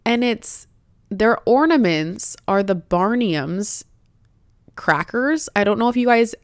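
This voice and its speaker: A woman's voice: medium pitch, expressive, takes it slowly, no echo, clean studio sound. A woman in her twenties hosting a candid personal podcast, chatting in a heartfelt way with many "like" fillers. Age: 20s. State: tearful, emotional at times. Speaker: podcast host.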